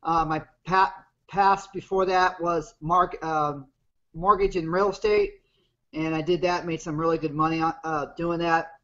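On a webinar, a guest business partner in his fifties rambles plainly through his own story. His fairly high, a-bit-bright voice shows little pitch movement and is unhurried, heard over muffled, lo-fi call audio.

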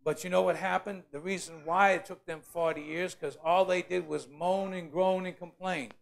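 A pastor preaching a sermon in church, swinging between quiet, low passages and loud, climbing emphasis as he acts out complaining voices. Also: steady tone, normal speed, creaky. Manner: preaching with rising shouted emphasis, acting out complainers. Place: church sanctuary.

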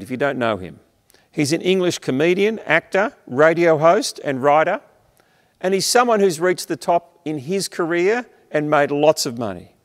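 An Australian male preacher delivers an earnest, emphatic sermon in a fairly high voice. He slows down to stress key phrases and lets his lines trail off softly. His voice carries a long reverb, as if filling a large hall. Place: church, streamed online.

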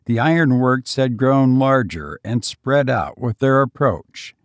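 A man narrating a classic story in a measured, dramatic way. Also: medium pitch, dry recording, clean studio sound. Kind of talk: audiobook narration.

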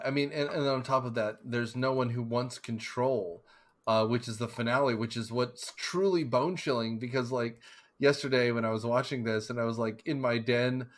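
A man's voice: mid-range voice, moderate pace. A man hosting a casual podcast discussion, rambling with many fillers and restarts, acting out scenes as he describes them. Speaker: podcast host.

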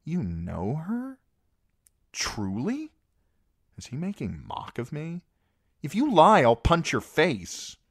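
A man voicing a fierce, quick-tempered young noble girl in a storybook reading, blunt and demanding. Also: on the high side, huge pitch swings, creaky, darkish tone, husky, no echo, clean studio sound, pitched above the performer's own voice, exaggerated voice.

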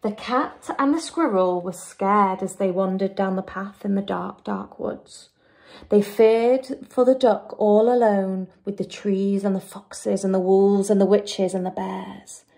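A teacher reading a picture book aloud to young children, with an expressive, drawn-out delivery. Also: female voice, mid-range voice, creaky. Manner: expressive, drawn-out, lively character voices.

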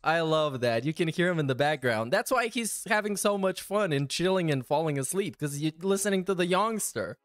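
A man's voice: high-pitched, animated, a little fast, hardly any pauses, dry recording, soft background music. A man hosting a casual commentary show, talking in a sarcastic, mocking way. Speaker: host.

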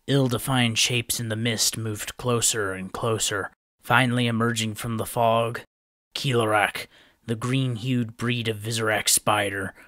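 A man narrating a fantasy storybook chapter in a steady, even reading style. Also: lowish voice, no room sound, studio quality. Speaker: audiobook narrator.

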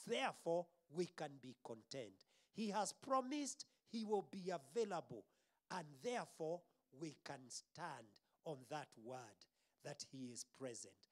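A man with a Kenyan accent preaching a sermon as pastor, stressing words emphatically and letting phrases trail off softly. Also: fairly high pitch, expressive, unhurried.

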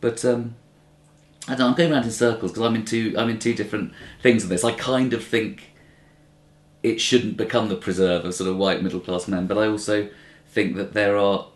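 A man's voice: on the low side, steady tone, normal speed. A man in his thirties, a comedian answering interview questions, rambling and breaking off to act out quoted voices. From Britain. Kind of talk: conversational interview. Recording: roomy interview recording.

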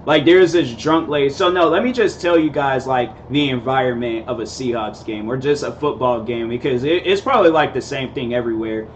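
A man's voice: medium pitch, a little fast, hardly any pauses, dull audio, a little hiss or hum. A young man in his twenties telling a rambling, casual story, full of fillers and laid-back slang. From Seattle area, USA. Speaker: vlogger host.

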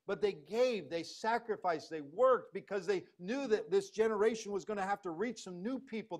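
A man preaching a sermon as pastor, emphatic, swinging between loud bursts and hushed scripture reading. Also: high voice.

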